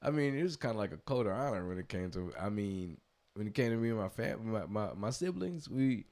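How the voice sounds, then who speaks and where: Chill podcast guy, lowish voice, rambles and swears easy. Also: expressive, a little fast, darkish tone. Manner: laid-back, rambling, swears casually. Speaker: podcast co-host. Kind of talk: casual chat.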